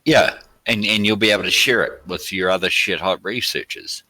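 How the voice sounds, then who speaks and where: Australian man, bright ringing voice, sweary and exasperated, heated casual debate. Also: low-pitched, moderate pace. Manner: sweary, exasperated, loud outbursts. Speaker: helicopter pilot guest.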